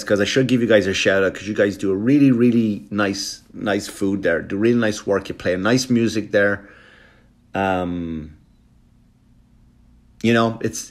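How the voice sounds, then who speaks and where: A middle-aged man telling a rambling comic story for a podcast, animated and stammering, with profane asides. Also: on the low side. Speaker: comedian podcast host.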